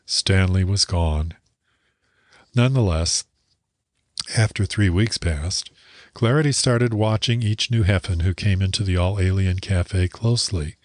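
A man narrates a short story in a calm, measured audiobook delivery. His voice sits very low. The recording is dry and close, with no room sound. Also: no room sound.

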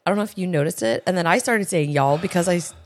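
A woman co-hosting a health podcast in casual chat, emphatic and listing points in quick runs. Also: fairly low pitch. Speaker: podcast co-host, health coach.

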